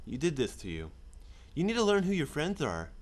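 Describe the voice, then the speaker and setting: Man reading script lines casually, slightly high, animated delivery. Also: brisk. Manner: reads lines plainly, chatty asides. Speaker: script reader. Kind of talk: casual script read-through.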